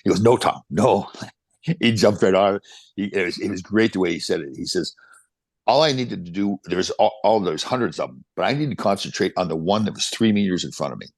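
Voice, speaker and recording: A man in his sixties, a podcast guest and motivational speaker, telling stories in an energetic, motivational way. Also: deep voice, fairly quick, no room sound. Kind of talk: casual chat, storytelling.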